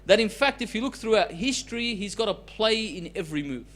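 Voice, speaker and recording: A man's voice: high voice, expressive, a little fast. Emphatic man preaching a sermon. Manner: swings between loud emphatic lines and soft, hushed ones. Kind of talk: religious storytelling sermon.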